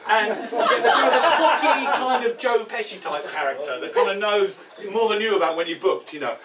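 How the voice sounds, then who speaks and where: A man riffs through a stand-up routine, rambling and cutting himself off mid-sentence. His voice sits fairly high. The recording is roomy and dull, caught from across a pub with clear noise behind. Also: expressive, brisk, a bit bright. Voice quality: rambling, self-interrupting, mock-exasperated. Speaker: stand-up comedian. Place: pub function room. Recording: distant, dull, noisy live recording.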